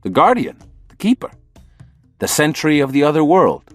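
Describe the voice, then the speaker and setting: A man reading the lines of a male sorcerer teacher in an audiobook, matter-of-fact and gently mocking. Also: fairly high pitch, sing-song, normal speed, faint music behind, voice pushed up. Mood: teasing.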